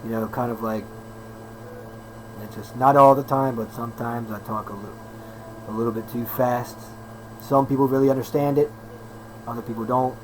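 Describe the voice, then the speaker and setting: A man's voice: medium pitch, steady tone, normal speed, pauses often, a little hiss or hum, low-quality recording. A man in his thirties, a personal trainer, talking in a casual rambling vlog, hyper and upbeat with slang and lots of repeats. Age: 30s.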